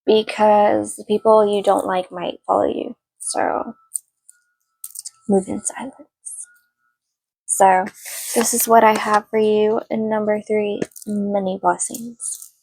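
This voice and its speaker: A young woman rambles through a tarot reading, chatty and loose, full of filler words. She talks at an unhurried, slow pace in a mid-pitched voice. The sound is dry and close, with no room echo. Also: little pitch movement, vocal fry, husky. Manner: yells at barking dogs mid-reading. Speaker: tarot card reader. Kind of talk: casual tarot reading to camera.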